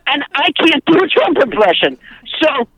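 A woman's voice: sits high, sing-song, moderate pace, dull audio. A woman comedian chatting as a podcast guest, telling rambling anecdotes with many restarts. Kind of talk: casual podcast chat.

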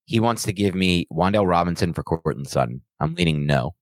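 A man co-hosting a podcast, talking in casual banter that is emphatic and animated, with defensive rants. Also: sits low, brisk, no echo. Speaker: podcast co-host.

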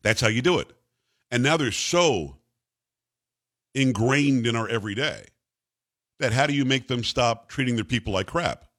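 A man's voice: mid-range voice, moderate pace, pauses often. Male talk radio host, opinionated and emphatic, mid-range voice. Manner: emphatic, animated, mocking voices.

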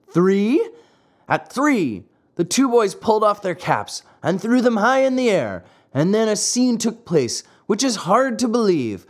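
Expressive male storybook narrator. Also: sits high. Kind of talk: storybook reading.

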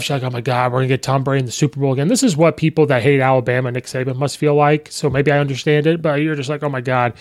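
A man hosting a podcast, recapping a football game in a rambling, excitable way and acting out fans' reactions. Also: medium pitch, very fast, hardly any pauses. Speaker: podcast host. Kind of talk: casual sports recap.

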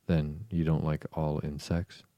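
A man voicing a tiny, sad, joking male gnat in a slow, soft bedtime storybook reading. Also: rumbling low, level tone, no echo, highs cut off.

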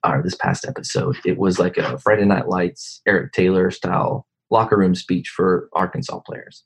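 A man talks as a guest in a casual interview, relaxed and rambling with plenty of fillers. His voice is very deep, with a husky edge. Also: normal speed, low-quality recording. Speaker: comedy video maker, guest.

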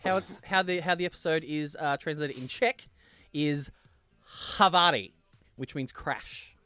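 A man's voice: a little high, moderate pace, a bit bright, clear, resonant tone, no echo. A man co-hosting a podcast in casual chat, laughing often and breaking off and restarting his sentences. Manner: laughs a lot, trails off and restarts. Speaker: podcast co-host.

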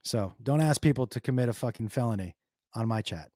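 A comedian streamer reads his live chat in a medium-pitched, fairly quick voice, recorded studio-clean with no room sound. He tells stories casually, swears a lot, and stays animated, throwing in silly noises.

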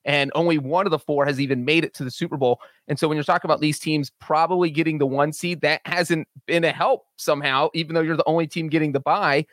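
A man co-hosting a sports betting podcast, citing statistics in a steady, matter-of-fact way. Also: fairly high pitch, fast talker, hardly any pauses, no echo, studio quality. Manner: cites stats in an even, steady way. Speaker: podcast co-host. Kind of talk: casual sports betting chat.

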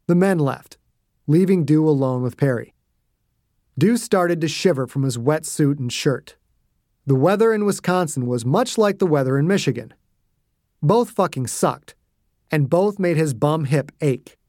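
A man reading his own thriller aloud in a steady, gritty narration. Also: fairly high pitch, a little slow, dry recording, studio quality. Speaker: author and narrator. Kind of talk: scripted audiobook narration.

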